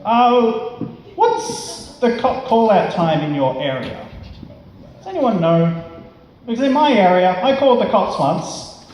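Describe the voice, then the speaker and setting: A man's voice: high-pitched, sing-song, slow pace, darkish tone, slight background noise. An Australian man performing a stand-up comedy set at a social club, chatty and teasing the audience. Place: social club gig before a live audience. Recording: echoey club room with crowd.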